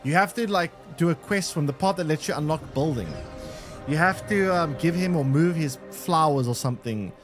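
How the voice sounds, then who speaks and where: A man's voice: a little high, moderate pace, soft background music. A man streaming a game live, rambling and thinking aloud to his chat with many restarts. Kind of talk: live gameplay commentary to chat.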